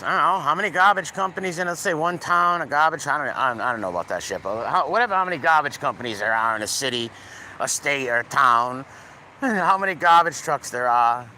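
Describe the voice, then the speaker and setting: With a mid-range, sharp-toned voice and a Rhode Island accent, a middle-aged Providence man chats casually with livestream viewers while out walking his dog. His talk is rambling and profane, shifting between greetings and rants, set on a city street with passing cars and faint traffic noise.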